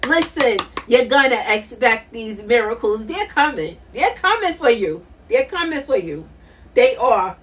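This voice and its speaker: A woman's voice: on the high side, very animated, slow pace, a bit bright, distant mic, slight background noise. A middle-aged woman doing a live tarot reading, emphatic and repetitive, laughing often. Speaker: intuitive tarot reader.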